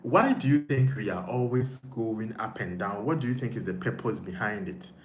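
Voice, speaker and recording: Ghanaian guy chatting on a live stream, lowish voice, stumbles and repeats, roomy echo. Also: animated, moderate pace. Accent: Ghanaian English. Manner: hesitant, repeats words, thinks aloud. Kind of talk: casual live-stream chat reading comments. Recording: echoey room with faint noise.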